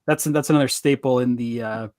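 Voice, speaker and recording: A man's voice: mid-range voice, steady tone, fairly quick, a little mellow, no echo. A man co-hosting a podcast, chatting casually and throwing in dry jokes. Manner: joking, dry asides. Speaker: podcast co-host. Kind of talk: casual live-stream chat.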